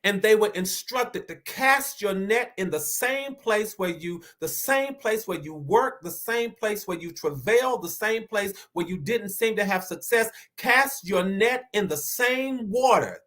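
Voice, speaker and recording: Inspirational speaker, sermon-style delivery, mid-pitched voice, stammers and repeats, slows down hard for emphasis. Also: expressive, a bit bright. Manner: preacher-like, rising to emphatic declarations. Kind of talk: motivational sermon-style talk.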